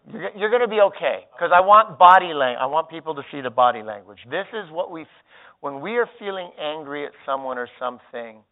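A man who is a pastor, teaching a seminar in front of an audience and acting out quoted thoughts, swinging from loud outbursts to hushed words. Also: a little high. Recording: tinny phone-like sound.

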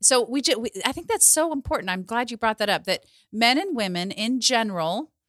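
Measured woman psychologist giving advice. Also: a little high, expressive, no room sound, studio quality. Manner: warm, encouraging, measured. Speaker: psychologist guest. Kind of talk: advice in conversation.

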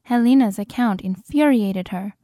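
A woman's voice: mid-range voice, mellow, no room sound, studio quality, soft background music. Woman narrating a dramatic audiobook. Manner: measured, dramatic. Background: cinematic score.

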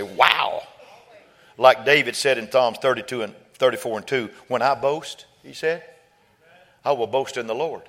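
A man preaching a sermon, quoting scripture and building from quiet talk to fervent shouting. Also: medium pitch, moderate pace.

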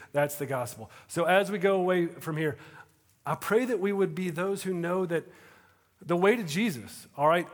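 A man preaching a sermon in a conversational way, moving between hushed moments and animated bursts. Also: high-pitched. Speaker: pastor. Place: auditorium. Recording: reverberant auditorium.

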